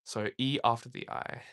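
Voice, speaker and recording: A young man on a relaxed livestream, rambling through viewer comments and laughing often. His voice sits at an ordinary middle pitch. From Australia. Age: young adult. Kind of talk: casual live-stream chat.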